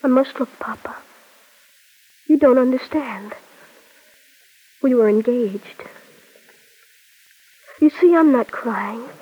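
A woman voicing an earnest young boy who narrates his own sorrow in an old radio drama, with a gentle, solemn manner. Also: fairly high pitch, slow pace, pauses often, breathy edge, dry recording. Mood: resolute. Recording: dull lo-fi old recording with music.

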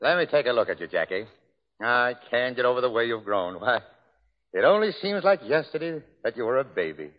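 A middle-aged man hosting a 1930s radio variety show, joking and bantering in a jovial, expressive way. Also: mid-range voice, a little fast. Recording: dull old radio recording with long hall reverb.

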